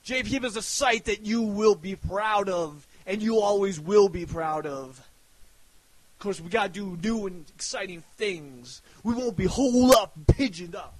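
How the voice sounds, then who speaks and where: A man giving a loud, profane, boastful hype rant to his viewers, often breaking into shouts. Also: high-pitched, expressive, unhurried, slight background noise, rough recording. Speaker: website owner.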